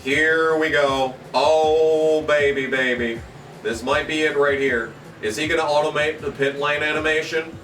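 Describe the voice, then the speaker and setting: A man doing let's-play commentary on a racing game, swearing freely and reacting loudly to every turn of the race. His voice sits in a mid range and sounds roomy and a little distant from the mic. Faint guitar music plays softly underneath. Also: on the high side, a little slow. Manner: excitable, profane, shouts during the race; grumbling, frustrated rant. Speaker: gaming YouTuber.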